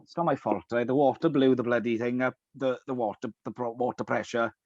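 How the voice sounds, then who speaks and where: A man's voice: medium pitch, fairly even intonation, a little fast, a little mellow, dry recording, lo-fi sound. A man co-hosting a podcast, telling a story in casual chat, stumbling over his words, repeating himself and laughing often. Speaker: podcast co-host.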